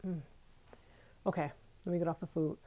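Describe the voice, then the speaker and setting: Speaking at a normal speed in a mellow, lowish voice with fairly even intonation, this woman in her thirties runs a laid-back live stream from her bedroom. She's chatty, addresses viewers directly, laughs a lot, and has an itchy, allergy-irritated nose.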